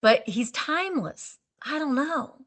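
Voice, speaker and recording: A woman's voice: high voice, animated, a little slow, fairly bright tone. A woman hosting a casual live stream, chatting in a rambling way and trailing off as she hunts for names. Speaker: live-sale stream host. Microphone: streaming setup.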